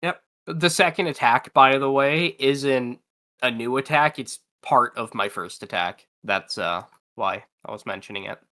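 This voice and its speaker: Hesitant player full of fillers, with a bright tone. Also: mid-range voice, a little slow. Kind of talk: tabletop game play.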